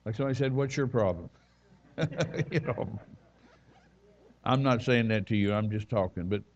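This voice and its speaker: A man's voice: fairly low pitch, measured pace, dull audio. A man preaching a sermon as a visiting minister, folksy and conversational with plenty of asides. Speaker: guest preacher. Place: church.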